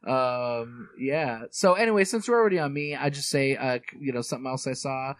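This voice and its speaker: A man co-hosting a podcast, chatting casually about movies in a rambling, animated way with lots of fillers. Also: mid-range voice, brisk. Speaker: podcast co-host.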